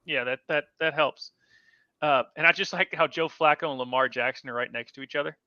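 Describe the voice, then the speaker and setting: On a fantasy football podcast, a man co-hosts with a fairly high, brisk voice that's pushed and bright. The casual sports chat finds him rambling, correcting himself, and trailing off. No echo is audible, and the lo-fi mic is dull and dry.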